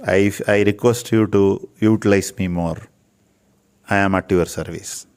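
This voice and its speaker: Older man, Indian English accent, low voice, earnest guest sharing wisdom. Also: steady tone, measured pace, a little mellow, clear, resonant tone. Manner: preachy, repeats phrases for emphasis. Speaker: Ayurvedic physician interviewed as guest. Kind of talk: earnest spiritual talk.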